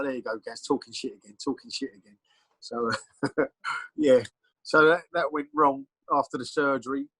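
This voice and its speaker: A man's voice: medium pitch, a bit bright, slightly rough, no echo, poor audio. A middle-aged Englishman, telling rambling, blunt stories as a podcast guest, full of ums and restarts. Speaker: podcast guest, former bodyguard. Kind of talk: casual storytelling interview.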